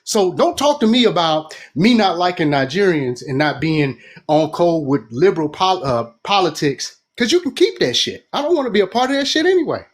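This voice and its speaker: A man with an animated, heated way of talking, ranting and swearing as he argues politics in a debate. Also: sits high, normal speed. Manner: animated, ranting, swears freely, acts out quoted voices.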